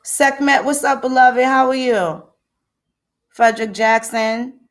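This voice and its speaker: Profane high-voiced woman ranting. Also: slow pace. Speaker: livestream host. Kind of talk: livestream commentary.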